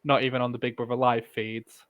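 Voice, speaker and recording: A man's voice: mid-range voice, little pitch movement, brisk, narrow, tinny audio. A man in his early twenties co-hosting a podcast, candid and opinionated, talking in long rambling runs. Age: 20s. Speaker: podcast co-host. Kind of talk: casual chat.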